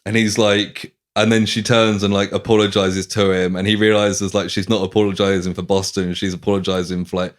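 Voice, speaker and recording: Speaking a little fast with hardly any pauses, a man with a lowish voice hosts a podcast and casually recounts a novel's plot. It's casual chat, delivered as an animated retelling where he acts out the lines with swearing and laughs.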